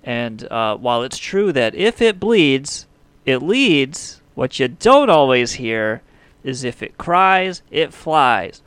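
A man's voice: mid-range voice, big pitch swings, slow, a bit bright, smooth, dry recording. A man co-hosting a profane satirical comedy podcast, with a mock-serious delivery. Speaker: podcast co-host.

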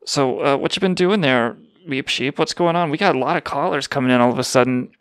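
Gravelly profane radio host. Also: male voice, medium pitch, fairly quick, dry recording. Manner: profane, ranting, mock-indignant. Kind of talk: crude comedic call-in banter.

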